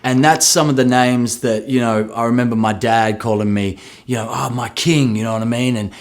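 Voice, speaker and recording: An Australian man in his thirties raps a line, then drops into relaxed behind-the-scenes talk about what it means. His voice sits at an ordinary pitch. He tells stories animatedly and often jumps into loud re-enactments. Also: fairly quick. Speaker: rapper explaining his lyrics. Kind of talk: casual behind-the-scenes talk with rapped lines.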